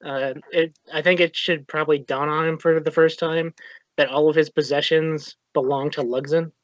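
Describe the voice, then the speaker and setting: A man's voice: a little high, steady tone, moderate pace, no room sound. Rambling, laughing male tabletop player. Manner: laughing often, rambling, loose. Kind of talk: casual chat, tabletop game. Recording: dry, slightly dull lo-fi sound.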